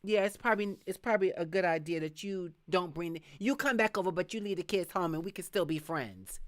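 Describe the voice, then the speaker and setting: A middle-aged woman hosting a live podcast, talking frankly and reading viewer comments, acting out quick asides as she tells stories. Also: lowish voice. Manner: frank, animated storytelling with voiced asides. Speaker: podcast host.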